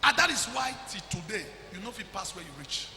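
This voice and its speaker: A man preaching a sermon as pastor, loud and emphatic, often shouting and slipping into Pidgin. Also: sits high, sing-song, fast, echoey room, in a large hall, background noise. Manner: preaching loudly with frequent shouts and Pidgin asides.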